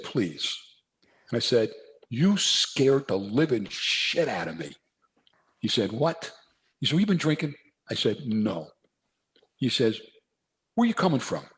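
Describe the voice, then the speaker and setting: An older man from New Jersey, a podcast guest, telling a story and acting out both sides of the talk. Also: on the low side. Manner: animated storyteller acting out dialogue. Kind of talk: casual storytelling interview.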